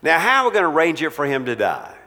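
A preacher voicing God as a decisive judge. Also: male voice, a little high, huge pitch swings, fast, sharp tone, big-room sound, heavily acted. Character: commanding divine judge, grand and decisive.

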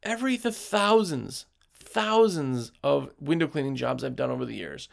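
A man's voice: mid-range voice, lively intonation, moderate pace, vocal fry. A man who runs a window cleaning business, giving direct, emphatic advice to other business owners and acting out what customers say. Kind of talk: motivational business talk.

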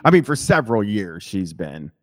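A man's voice: fairly low pitch, very animated, normal speed. A man in casual conversation who rambles, restarts his sentences, swears freely and laughs easily. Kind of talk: casual chat.

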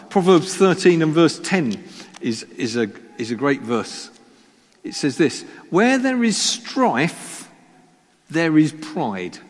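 In a reverberant church hall, a pastor with a fairly high pitch and a breathy edge preaches his sermon. He uses self-deprecating humor and puts rhetorical questions to the congregation.

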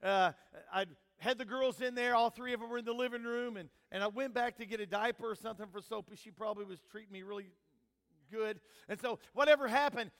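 A high-pitched older man preaches in a church sanctuary. His voice rings with a long hall reverb as he moves from loud emphatic calls to hushed asides. He mixes scripture reading with homespun family stories. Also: fast. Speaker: pastor. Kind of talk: sermon.

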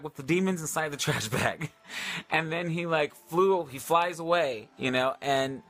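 A man hosting a livestream, telling a story casually in a rambling, animated way with many fillers and restarts. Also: fairly high pitch, a little slow, soft background music. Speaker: livestream host.

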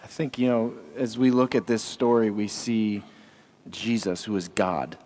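A man leading a church service, speaking in a measured, affirming way. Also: lowish voice, darkish tone. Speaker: pastor. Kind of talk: sermon. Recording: long hall reverb.

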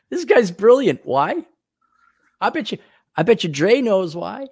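A man's voice: high voice, darkish tone, breathy edge, no echo, clean studio sound. A man co-hosting a casual podcast, reading news stories aloud with blunt, sarcastic asides. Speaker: podcast co-host.

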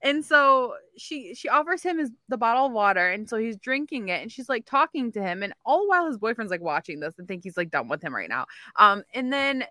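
Bright-voiced woman telling a story. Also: a little high, fairly quick, few pauses, no room sound, studio quality. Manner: animated anecdote-telling with quoted voices. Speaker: podcast co-host. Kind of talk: casual chat, storytelling.

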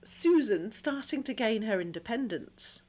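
A woman co-hosting a podcast, chatting casually about a TV episode, animated, swearing freely and laughing often. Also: a little high, unhurried, slightly rough. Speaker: podcast co-host. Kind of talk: casual chat reviewing a TV episode.

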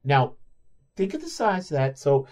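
A man hosting a podcast, giving playful, excitable commentary while watching a film. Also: fairly high pitch, moderate pace. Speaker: podcast host. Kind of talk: casual movie commentary.

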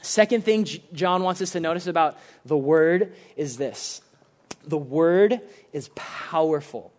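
A young man delivers a sermon in an easygoing, conversational way, full of "like" and quick asides. His voice sits high and turns animated as he builds a point. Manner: animated, conversational, heavy use of "like". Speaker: preacher. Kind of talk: casual youth sermon.

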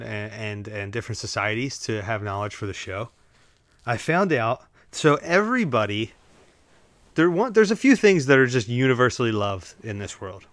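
A man talking through a laid-back solo podcast from home, wandering from thought to thought with plenty of "like"s and teasing asides to his audience. His voice sits at an ordinary middle pitch. The sound is dry and close, with no room around it. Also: fairly bright tone, no echo. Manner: rambling, filler-heavy, joking asides to listeners. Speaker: podcast host. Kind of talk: casual solo podcast monologue. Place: at home, relaxed, drinking while recording.

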